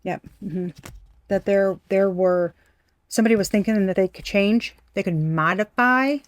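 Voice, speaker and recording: A woman's voice: medium pitch, normal speed, no echo. A woman giving a casual tarot reading straight to the viewer. She is blunt and swears freely, and she repeats phrases for emphasis. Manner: talks straight to the viewer as "you". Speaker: tarot card reader.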